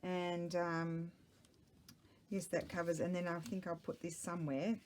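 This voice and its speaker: Chatty low-voiced woman crafting at home. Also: flat delivery, measured pace, noisy background. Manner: chatty, rambling, talks to herself while working. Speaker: craft vlogger. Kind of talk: casual chat while crafting. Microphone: small microphone.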